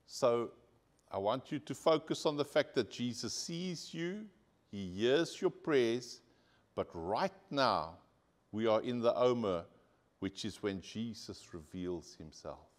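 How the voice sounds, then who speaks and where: A man's voice: medium pitch, expressive, slow pace. A male pastor preaching a sermon to his congregation, earnest and direct, asking the people for an amen. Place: church.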